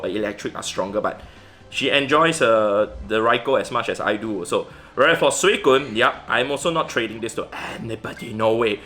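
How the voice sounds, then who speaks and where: Casual male vlogger, bright tone, loose rambling delivery over a faint music bed. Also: medium pitch. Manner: rambling, many fillers and restarts. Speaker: Pokemon GO vlogger. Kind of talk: casual commentary over gameplay.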